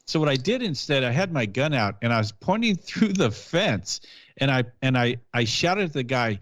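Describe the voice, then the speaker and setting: A man who is a police officer, telling stories in a casual podcast chat, blunt and animated, acting out what people said. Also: mid-range voice, moderate pace, dry recording. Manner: blunt, animated storyteller who acts out quotes.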